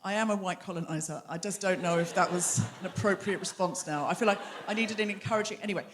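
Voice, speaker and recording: A woman's voice: on the low side, fast talker, noisy background. A middle-aged woman hosting a comedy podcast live on a theatre stage, bantering and teasing the audience. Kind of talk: live stand-up style crowd work.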